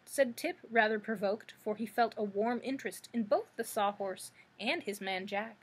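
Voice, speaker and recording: A woman librarian reading a children's book aloud with expressive storytelling. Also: medium pitch, normal speed, hardly any pauses, breathy edge.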